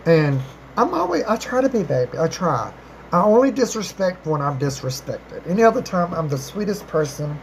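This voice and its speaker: Casually chatting on a live stream, this host fields viewer questions and showers them with "darling" and "baby." Her talk meanders and rephrases, swooping sharply upward in pitch on greetings from a mid-range base, in a sing-song manner at normal speed. The rough recording carries faint background noise.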